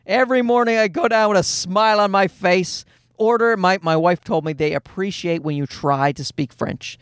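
Man, 30s, high voice, dry close sound, sarcastic swearing storyteller, casual comic rant. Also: moderate pace, clear, resonant tone, no echo. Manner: profane, sarcastic ranting.

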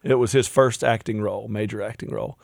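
A man co-hosting a casual talk show, joking and riffing with quick asides. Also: fairly low pitch, fairly even intonation, vocal fry, no room sound, clean studio sound. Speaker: co-host. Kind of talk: casual banter.

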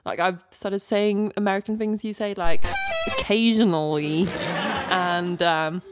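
A woman's voice: medium pitch, a little slow, heavy background noise. A woman whose first language is Swedish, co-hosting a podcast in casual chat, giggly and teasing. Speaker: podcast co-host.

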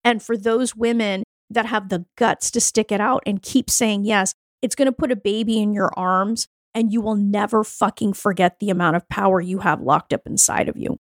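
A woman's voice: mid-range voice, steady tone, normal speed, hardly any pauses, no echo, studio quality. A woman hosting a podcast as a fertility coach, giving a blunt, profane, hyped-up motivational pep talk. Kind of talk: motivational solo podcast monologue.

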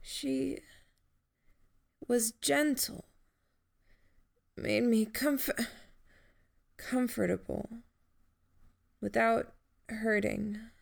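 A badly hurt young man, as a woman reader puts him on, his reedy voice slipping into breathy whispers. He gasps between halting, broken phrases and trails off, with a gravelly catch at the bottom of each word. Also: medium pitch, pitched above the performer's own voice. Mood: weak, halting. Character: badly injured young man, weak and rambling.

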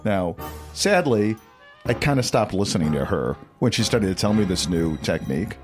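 Animated male podcast co-host. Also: lowish voice, moderate pace, over music. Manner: animated, reads headlines aloud with mock drama. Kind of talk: casual chat.

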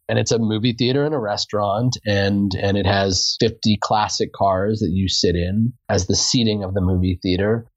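A man's voice: fairly low pitch, no echo, highs cut off. A middle-aged man answering interview questions, thoughtful, often repeating words while he thinks. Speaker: guest, immersive entertainment creator.

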